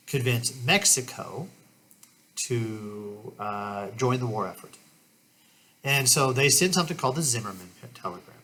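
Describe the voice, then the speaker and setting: A man's voice: mid-range voice, pushed and bright. A man giving a casual, rambling history lesson, often restarting his sentences as he talks. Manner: conversational, with many restarts and "kind of" asides. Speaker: history teacher. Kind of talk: casual classroom lecture.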